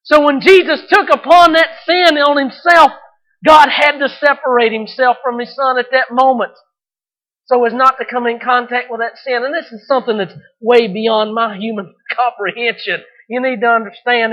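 A man's voice: very high-pitched, steady tone, moderate pace, fairly bright tone, low-quality recording. A man preaching a sermon as pastor, earnest and emphatic, repeating his points for weight.

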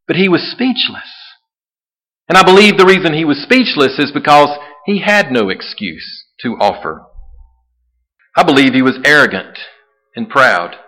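A man delivering a sermon from the pulpit with a bright, forceful tone. He preaches with animation, slipping into quoted voices of the people in his stories. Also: on the high side, lively intonation, normal speed, rough recording. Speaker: pastor.

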